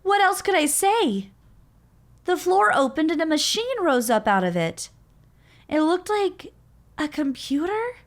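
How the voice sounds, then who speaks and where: A man reading game narration aloud as a young woman, in a steady storybook manner. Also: extremely high pitch, measured pace, pauses often, exaggerated voice.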